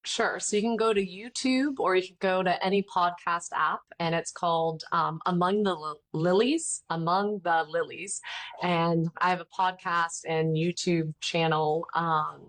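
A woman's voice: on the low side, a little slow, few pauses. A woman in her thirties, a podcast host, talking candidly and chattily in an interview, acting out the people in her stories. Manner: chatty, candid, animated retelling with voiced quotes. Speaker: podcast host and ministry founder. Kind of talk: casual interview chat.

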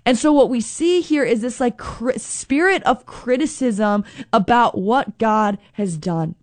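A woman's voice: a little high, unhurried, no room sound. Casual woman preaching a sermon. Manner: informal, addresses listeners as friends, fills with "like". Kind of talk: conversational sermon with scripture reading.

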